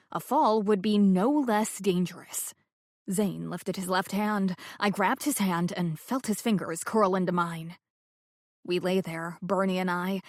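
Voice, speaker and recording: A woman reading a cozy mystery novel aloud as an audiobook narrator, in a scripted narration style that raises her voice for shouted dialogue. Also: mid-range voice, no room sound, clean studio sound. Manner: reads dialogue with rising, shouted emphasis.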